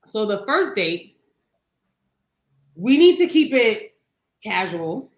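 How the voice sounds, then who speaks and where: A woman co-hosting a podcast, chatting casually in an animated, profane way and laughing often. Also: mid-range voice, takes it slowly, roomy sound, poor audio. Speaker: podcast co-host. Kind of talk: casual chat.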